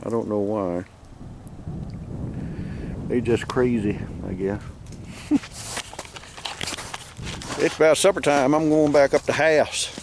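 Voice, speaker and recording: Folksy farmer rambling outdoors. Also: male voice, medium pitch, fairly even intonation, slow pace, pauses often, noisy background. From Southern Maryland, United States. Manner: folksy, rambling, wry humor. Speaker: farmer vlogger. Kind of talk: casual walk-and-talk narration. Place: outdoors in a farm pasture.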